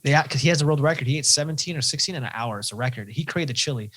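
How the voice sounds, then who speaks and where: A man, a podcast guest candidly telling his own story and acting out his inner voice. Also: fairly high pitch. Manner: fast, animated storyteller who acts out his own inner voice.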